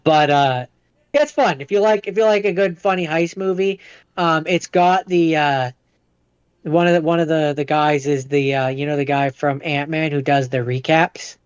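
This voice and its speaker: A man's voice: a little high, fairly even intonation, normal speed, clean tone, dry recording, muffled recording. A man co-hosting a casual podcast chat, hesitant and full of fillers and restarts. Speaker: podcast co-host.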